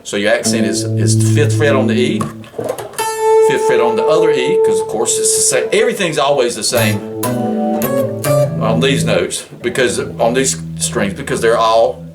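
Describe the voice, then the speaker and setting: A man's voice: mid-range voice, unhurried. A man teaching guitar in a casual, rambling, folksy way, counting frets and often restarting his sentences. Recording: guitar loud behind voice. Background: guitar playing.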